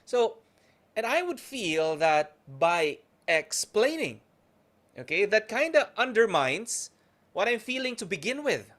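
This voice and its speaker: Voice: medium pitch, slow. A host asking questions in an interview, conversational and often checking in with the listener. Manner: lively, conversational, frequent "okay" checks.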